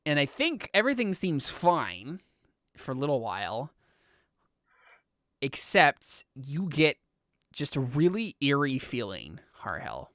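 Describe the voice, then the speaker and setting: Game master, casual, halting. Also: medium pitch, wildly swooping pitch, fairly bright tone, no echo, clean studio sound. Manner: casual, hesitant, lots of fillers. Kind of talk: narrating a tabletop game.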